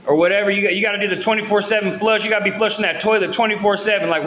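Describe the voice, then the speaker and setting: A man's voice: high voice, steady tone, racing, hardly any pauses, fairly bright tone. A man telling a long story from his own life to his viewers in loose slang, rambling and restarting his sentences with lots of fillers. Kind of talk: casual storytelling to camera. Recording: roomy echo.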